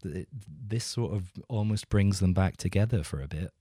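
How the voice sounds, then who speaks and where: A man's voice: sits low, moderate pace, dark tone, breathy edge, no room sound. A man from England co-hosting a casual film discussion, hesitant with many fillers and dry humor. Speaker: film podcast co-host.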